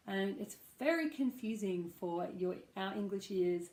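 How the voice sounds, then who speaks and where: A woman's voice: medium pitch, expressive, unhurried, hardly any pauses, a little mellow, echoey room. A woman with an Australian accent, teaching a pronunciation lesson and demonstrating vowel sounds patiently. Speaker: accent coach.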